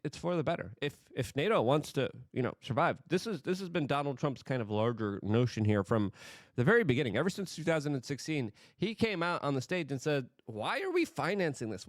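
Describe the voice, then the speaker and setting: Here an excitable man offers political commentary, his pitch rising and falling wildly in a lively, swooping delivery while he trips over words and says things twice. The recording is close and dry, without any echo, and his voice sits in the mid range.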